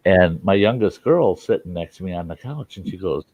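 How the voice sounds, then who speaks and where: A man's voice: deep voice, lively intonation, moderate pace, darkish tone, highs cut off. An older American man hosting a casual chat, telling a rambling personal story frankly, with swearing and acted-out quotes. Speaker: host.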